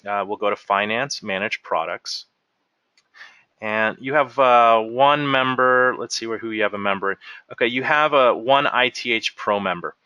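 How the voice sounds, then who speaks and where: A man leading a software training webinar, explaining settings step by step as he clicks through them. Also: medium pitch, normal speed, clear, resonant tone, no echo, lo-fi sound. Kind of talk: screen-share software walkthrough.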